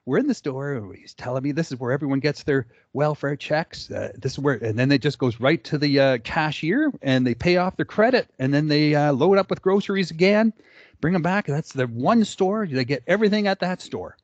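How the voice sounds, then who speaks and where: Storytelling man, slightly high voice, dull dry sound. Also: a little fast, no room sound. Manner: conversational, with frequent "uh" fillers and acted-out quotes. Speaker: presenter. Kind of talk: storytelling presentation.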